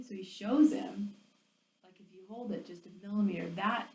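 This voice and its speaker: A woman giving a motivational sales training talk, chatty and animated, full of "like"s and acted-out quotes. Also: mid-range voice, normal speed, vocal fry. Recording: roomy echo, distant mic, faint ambience.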